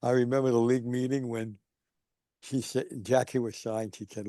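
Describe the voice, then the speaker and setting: A man's voice: medium pitch, level tone, moderate pace, warm tone, no echo, clean studio sound. An older man, a guest on a video call, telling anecdotes and acting out the people in them. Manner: acts out quoted people while telling stories. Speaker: guest speaker. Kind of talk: anecdotal storytelling.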